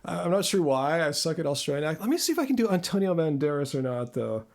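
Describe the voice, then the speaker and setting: Host, male, fairly high gravelly voice, rambling and self-deprecating, close mic. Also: animated, fast, a little mellow. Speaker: channel host. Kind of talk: live Q&A chat. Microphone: close studio mic.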